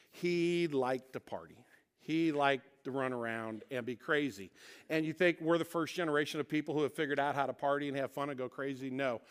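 A man preaching as lead pastor, telling a story and then closing softly in prayer. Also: on the high side. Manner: storytelling, animated in anecdotes, soft in prayer.

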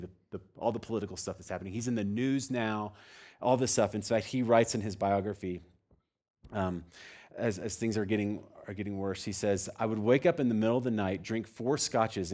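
Young male pastor, sermon storyteller, lowish voice, big swings from loud to hushed. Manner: animated, swings between loud bursts and hushed low passages.

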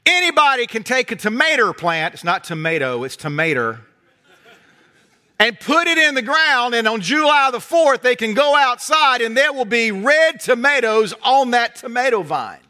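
Speaking at normal speed with hardly any pauses, a middle-aged man with a Southern accent from North Carolina delivers a sermon. His very high voice carries folksy humor and lively stories that fall at times into soft intensity.

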